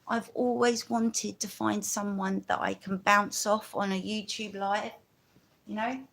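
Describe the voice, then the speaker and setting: A woman's voice: medium pitch, flat delivery, unhurried, creaky, fairly bright tone. A woman from London with a London accent, talking in a rambling, chatty way on a casual live stream, full of asides.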